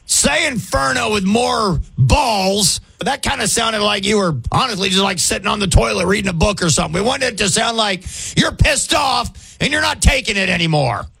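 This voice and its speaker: A middle-aged or older man co-hosting a comedy podcast, loud and brash, swearing and shouting through his banter. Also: high voice, expressive, moderate pace, gravelly, breathy edge, no echo.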